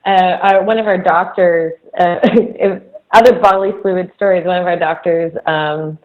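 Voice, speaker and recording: A woman's voice: on the low side, fairly even intonation, normal speed, phone-quality sound. A woman co-hosting a podcast, telling camp stories in casual chat and laughing as she talks. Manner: giggly storyteller who laughs mid-sentence. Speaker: podcast co-host, camp director.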